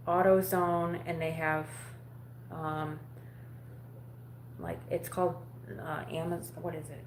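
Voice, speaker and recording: A woman's voice: fairly low pitch, roomy sound, a little hiss or hum. A woman chatting casually on a live stream from home at night, blunt and rambling, swearing freely. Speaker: vlogger talking to a live audience.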